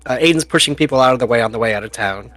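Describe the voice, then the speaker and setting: A man's voice: mid-range voice, racing, fairly bright tone, dry recording, soft background music. A man narrating as game master of a tabletop game, chatty and laughing often at his own jokes.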